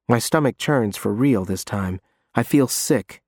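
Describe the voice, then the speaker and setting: A man narrating a first-person story in a measured, tense way, his voice sitting at an average pitch. The recording is dry and close, with no room echo. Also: expressive, darkish tone. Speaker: audiobook narrator.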